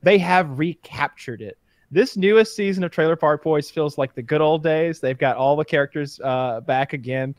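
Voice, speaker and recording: A man chatting casually on a podcast, recounting TV episodes with animated, excited storytelling. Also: moderate pace, no echo. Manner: animated storytelling, rising in pitch when excited. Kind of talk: casual chat.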